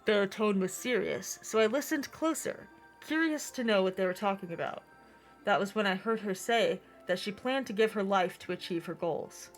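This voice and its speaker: A woman's voice: mid-range voice, normal speed, soft background music. A woman streaming a game, casually chatting and reading its text aloud, laughing easily and swearing when annoyed.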